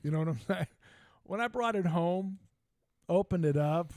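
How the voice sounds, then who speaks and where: A man's voice: high voice, normal speed, darkish tone, dry recording. An older man hosting a casual sports talk show, telling brash, joking stories with lots of animation. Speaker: podcast host. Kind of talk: casual storytelling chat.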